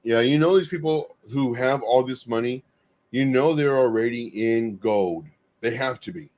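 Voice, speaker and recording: A man co-hosts a relaxed crypto show. He chimes in with agreeable, easygoing remarks. His voice sits in the middle of the range for a man. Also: mid-range voice, normal speed. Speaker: co-host. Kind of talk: casual talk-show chat.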